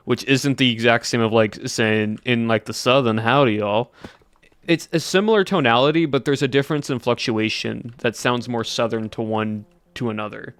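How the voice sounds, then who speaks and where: A man's voice: mid-range voice, fairly bright tone, dry recording, clean studio sound. A young man streaming a game, chatting casually and rambling to his chat. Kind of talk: casual livestream chat while gaming.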